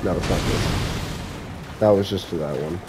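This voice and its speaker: Foul-mouthed man yelling at game enemies. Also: low voice, moderate pace, heavy background noise. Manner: swears heavily, shouts at enemies, then mutters to himself. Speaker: gaming streamer. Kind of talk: live gameplay commentary. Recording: game music behind voice. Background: game music.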